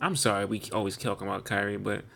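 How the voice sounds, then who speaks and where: A man co-hosting a casual podcast, telling lively family stories and acting out voices. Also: on the low side, fast, gravelly. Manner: animated storyteller, acts out voices. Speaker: podcast co-host. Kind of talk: casual chat.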